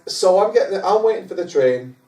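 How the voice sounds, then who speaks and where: A young man telling a story in casual chat, animated, swearing freely and laughing often. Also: high voice, fairly quick. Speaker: podcast guest. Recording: echoey room, mic at a distance.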